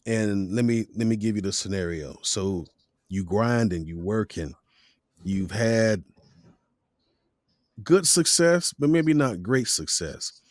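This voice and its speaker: This is a relaxed male podcast host from Florida with a somewhat low voice. He is recorded dry and close, with no room sound. He sets up his questions patiently, painting the scenario first. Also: takes it slowly, long pauses, no echo. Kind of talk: casual podcast conversation.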